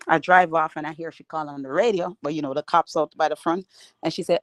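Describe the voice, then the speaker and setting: A woman's voice: sits low, fairly even intonation, fast talker, fairly bright tone, no echo. A woman in her thirties, a mother, retelling an everyday story in a plain, matter-of-fact way with simple, grammar. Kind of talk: casual storytelling.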